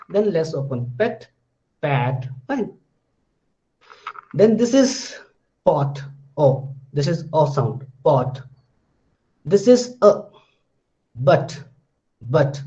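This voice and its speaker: A man teaching English pronunciation in a lecture, saying each sound slowly and repeating it. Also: sits high, mellow. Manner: slow, deliberate, repeating each sound twice. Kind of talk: classroom lecture. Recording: dull lo-fi lecture recording.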